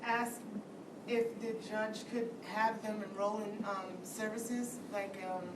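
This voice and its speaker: Hesitant woman asking from afar. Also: level tone. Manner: hesitant, halting with ums. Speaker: student asking a question. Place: classroom. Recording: distant voice in echoey room with rumble.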